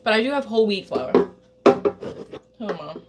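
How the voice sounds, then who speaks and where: This woman's mid-range voice is animated yet unhurried as she bakes on a livestream in her home kitchen. She rambles casually, talking directly to the viewers in her chat.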